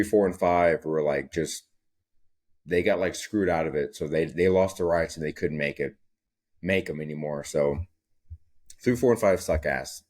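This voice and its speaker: A young adult man hosting a solo comedy podcast, talking loosely and profanely and acting out scenes in squeaky voices. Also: darkish tone. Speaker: podcast host.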